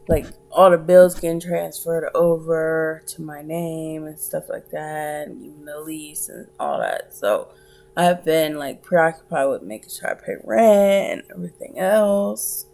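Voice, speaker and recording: Sleepy young woman vlogging, kinda low raspy voice, lots of um and restarts, talks slow. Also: darkish tone. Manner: halting, many fillers and restarts. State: tired. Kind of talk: casual chat to camera.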